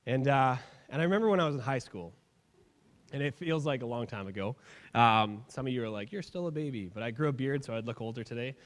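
A young man with a medium-pitched voice speaks fast while preaching a sermon as a pastor, telling stories in a casual, humorous way. He's in a church sanctuary, and the recording has long hall reverb.

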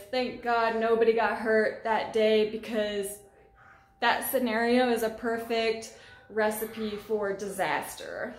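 Animated young woman telling a storytime. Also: on the high side. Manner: animated, profane, acts out quoted dialogue. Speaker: vlogger. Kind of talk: casual storytime. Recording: echoey room.

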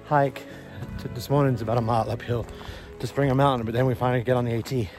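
A man's voice: medium pitch, steady tone, fast talker, darkish tone, faint music behind. A man filming himself on a mountain trail, talking casually and upbeat to his viewers, out of breath from the climb. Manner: chatty, upbeat, talks to viewers directly. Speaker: hiker filming a trail vlog. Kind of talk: casual vlog narration. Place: outdoors on a forested mountain trail.

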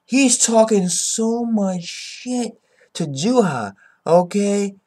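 A man's voice: sits high, extremely slow. Young guy hyped over a manga chapter, cussing a lot, slangy, says okay every other line. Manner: excitable, heavy slang and swearing, repeats "okay?". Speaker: manga reviewer. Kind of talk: casual commentary.

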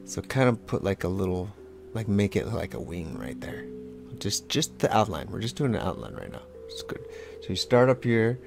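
A man's voice: fairly low pitch, big pitch swings, normal speed, vocal fry, over music. A man leading a casual draw-along lesson, talking as he draws, playful and rambling with self-mocking asides. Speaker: drawing instructor.

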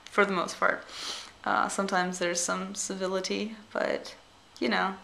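A young woman who teaches English, chatting casually and rambling off track, breaking into excited squeals as she unwraps things. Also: medium pitch, a little slow, gravelly, slight background noise. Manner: rambling, easily distracted, giggly; gushing excited squeals when unwrapping gifts. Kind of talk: casual vlog chat.

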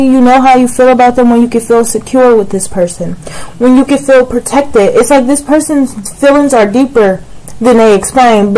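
A woman's voice: fairly high pitch, darkish tone, poor audio. A woman giving a casual tarot reading straight to the viewer, rambling and filling her talk with "like" and "it's like". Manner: rambling, repeats "like" and "it's like", addresses viewer directly. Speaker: tarot reader.

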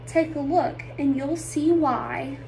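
A woman's voice: high-pitched, takes it slowly, creaky, dark tone, slight background noise, heavily acted. A woman voicing a gloomy pouting male fish in a sing-song storybook read-aloud. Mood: glum. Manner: sing-song rhyming refrain, mopey.

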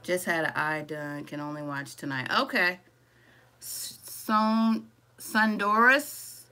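A woman with a lowish voice talks slowly as she hosts a live-stream crochet tutorial. She keeps it casual and chatty, calling viewers "y'all," greeting them by name, and reading out their comments as she works.

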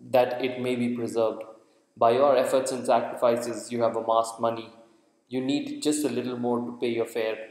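Man voicing wise calm lama guide, measured solemn delivery, echoey reverb. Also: mid-range voice, lightly acted. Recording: echoey room with long reverb.

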